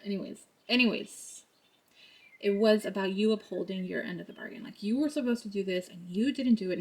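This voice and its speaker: A woman giving a casual tarot reading to camera, chatty and laughing often as she talks through the cards. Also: mid-range voice. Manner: chatty, laughs often, quotes others in put-on voices. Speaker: tarot card reader.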